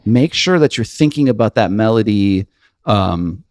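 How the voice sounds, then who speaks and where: A man's voice: on the low side, lively intonation, measured pace, darkish tone, no room sound, studio quality. A man co-hosting a music podcast, chatting casually about songwriting in a rambling way, full of fillers and restarts. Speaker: podcast co-host.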